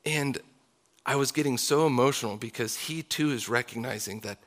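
A man's voice: medium pitch, fairly quick. A man in his thirties, a pastor preaching a sermon in an earnest, confessional way. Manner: earnest, confessional, closing in soft prayer.

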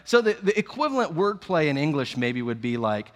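A man delivers a sermon with a playful, storytelling manner. His voice sits a little high and swings widely in pitch. The sound carries a long reverb, like a big hall. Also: a little fast. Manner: playful, animated storytelling with jokes. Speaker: preacher.

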